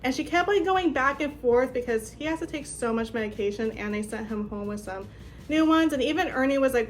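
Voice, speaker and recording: A woman's voice: a little high, fairly quick, slight background noise. A young woman vlogger telling a story in a casual, chatty way, filling her talk with "like". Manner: chatty, lots of "like", animated retelling.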